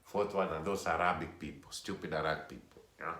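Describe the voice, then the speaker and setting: Deep-voiced man ranting in an echoey room. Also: a little fast. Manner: animated, repetitive, emphatic. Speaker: vlogger. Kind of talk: casual opinion monologue.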